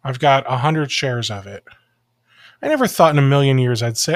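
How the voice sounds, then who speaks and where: With slight background noise in the recording, a man from Ohio hosts a podcast at a moderate pace in a mid-range voice. The casual chat is jokey and animated, punctuated by lots of laughter.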